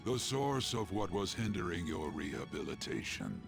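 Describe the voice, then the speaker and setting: An actor voicing an ancient, ominous male master of a dream realm, speaking slowly in grave, cryptic pronouncements in dubbed video game dialogue. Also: big pitch swings, music in the background, exaggerated voice. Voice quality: deep gravelly.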